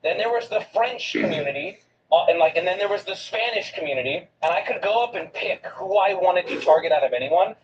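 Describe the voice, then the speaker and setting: A man commenting casually on a video during his stream, swinging between loud outbursts and low asides. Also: brisk. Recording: dull lo-fi stream audio with steady background noise.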